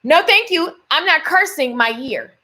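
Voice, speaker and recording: A woman rants through an upbeat faith-based pep talk. Her voice sits high and swoops all over the place, bright and forceful, and she tosses in "baby" and "honey" as she goes. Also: expressive, a little slow. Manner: ranting, playful, calls listeners baby and honey. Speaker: faith-based lifestyle vlogger. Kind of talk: motivational faith talk to camera.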